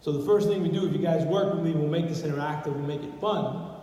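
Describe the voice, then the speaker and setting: Energetic man presenting in an echoey hall. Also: on the high side, quick pace. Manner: energetic, drill-like commands to the audience. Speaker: company executive presenter. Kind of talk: motivational corporate presentation. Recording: echoey hall, speaker far from mic.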